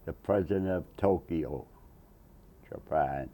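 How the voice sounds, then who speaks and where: An older man, a Navy veteran, telling an oral history story with animated quoted voices. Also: very deep voice, slow pace.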